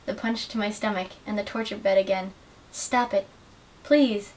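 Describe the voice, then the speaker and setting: A young adult woman giving an earnest, measured dramatic reading of literary excerpts as a student reader. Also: medium pitch, steady tone, a little mellow. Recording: distant mic with faint hiss.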